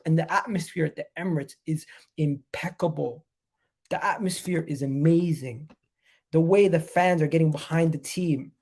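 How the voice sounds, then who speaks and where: With a fairly high, warm voice made nasal by a cold, a man hosts a live fan reaction stream about his football club. He talks emphatically and repetitively, clearly hyped.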